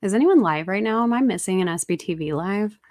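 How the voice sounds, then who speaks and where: A woman's voice: mid-range voice, lively intonation, a little fast, a little mellow. A young woman chatting casually with her viewers on a livestream from home, rambling and talking to them by name. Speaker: livestream host.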